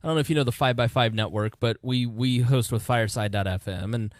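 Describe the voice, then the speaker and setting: An earnest man co-hosting a political podcast in casual chat, often restarting his sentences. His voice has a middle pitch. The sound is dry, with no room echo. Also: quick pace. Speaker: podcast co-host.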